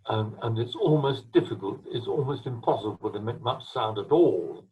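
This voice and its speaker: An older English man with a husky voice, answering interview questions over a video call from home in a rambling, anecdotal way. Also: medium pitch, expressive, moderate pace, a little mellow, rough recording. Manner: rambling, anecdotal, with restarts and coughs. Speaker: trombonist and mouthpiece maker, interviewee. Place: his home.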